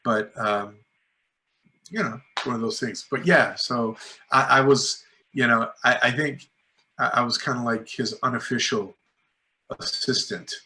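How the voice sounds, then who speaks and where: Animated storytelling man, bright voice. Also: medium pitch, a little slow. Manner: animated anecdotes, acting out quotes, frequent "like" and "you know". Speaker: filmmaker guest. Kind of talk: casual storytelling interview.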